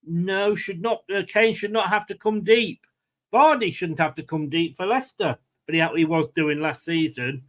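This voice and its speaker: A man's voice: high voice, moderate pace, a bit bright. A man hosting a casual live watchalong, commenting on play and chatting with viewers by name. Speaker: fan channel host.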